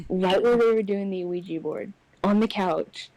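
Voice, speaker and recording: A young woman casually telling a personal ghost story on a podcast, getting animated when she acts out what people said. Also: mid-range voice, unhurried, no echo, poor audio. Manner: animated, acts out quotes in raised voice. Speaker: podcast co-host.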